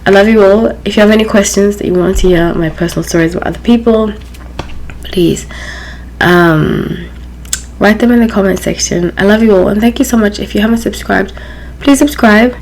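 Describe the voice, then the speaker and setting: A woman's voice: medium pitch, a little fast, darkish tone, slight background noise, low-quality recording. A woman hosting her own channel, telling a personal story in a casual, chatty way with lots of fillers. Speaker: channel host.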